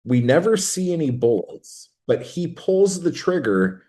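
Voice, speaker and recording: A man's voice: on the high side, very animated, measured pace, mellow. A man co-hosting a podcast, recapping a film in a crude, rambling, joking way. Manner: crude, rambling, jokey storytelling with acted-out quotes. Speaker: podcast co-host. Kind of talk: casual chat recapping a film.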